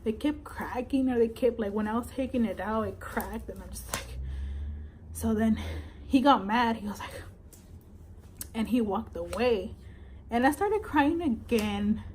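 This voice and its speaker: A woman's voice: fairly high pitch, a little slow, pauses often, a little mellow, a little hiss or hum, poor audio. A young woman tells a pregnancy story in a casual vlog, switching languages, chatty and swearing freely. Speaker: vlogger.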